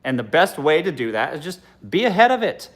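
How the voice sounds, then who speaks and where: A man's voice: a little high, very animated, a little fast, fairly bright tone. A man doing a loose comic monologue for a livestream audience, laughing often as he talks. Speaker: comedian.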